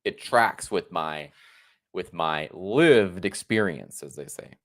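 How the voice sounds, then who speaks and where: A man's voice: low voice, animated, slow pace, a bit bright. Sarcastic male livestream commentator. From United States. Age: 30s. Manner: sarcastic, mocking, restarts often. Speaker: political commentary streamer.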